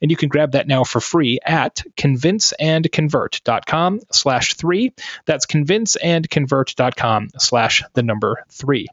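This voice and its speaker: A man hosting a podcast, briskly reading sponsor messages and repeating web addresses. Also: on the high side, fairly bright tone, no room sound. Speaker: podcast host. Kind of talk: sponsor read. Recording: dry, slightly dull audio.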